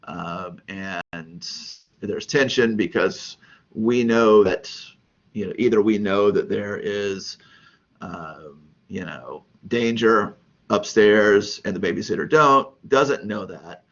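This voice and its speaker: A man teaching a recorded lesson in a relaxed way, with many ums and you-knows. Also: lowish voice, slow pace, lo-fi sound. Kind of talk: recorded lecture.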